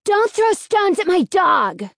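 A woman reading a storybook, voicing a lanky teenage boy who shouts and insists while defending his dog. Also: extremely high pitch, lively intonation, moderate pace, no room sound, clean studio sound, voice pushed up. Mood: defiant.

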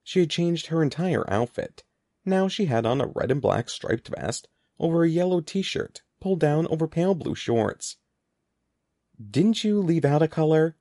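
A man narrating an audiobook in an expressive, animated reading voice, close to the mic. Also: on the high side, moderate pace, no room sound.

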